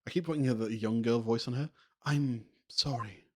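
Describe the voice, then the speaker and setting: A man's voice: medium pitch, normal speed. A man streaming a game, thinking aloud and poking fun at himself in a casual, chatty way. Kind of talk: game playthrough with commentary. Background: game music.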